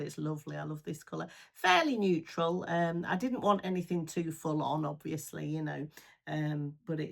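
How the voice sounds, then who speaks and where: Chatty grandmother, low gravelly voice. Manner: chatty and gushing, with many fillers. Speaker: beauty vlogger. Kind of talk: casual chat while doing makeup.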